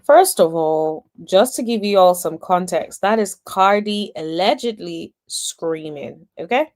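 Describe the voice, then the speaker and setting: A woman's voice: on the low side, expressive, a little slow, a little mellow. A woman hosting a casual reaction commentary, speaking to her viewers with chatty, exasperated asides. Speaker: host.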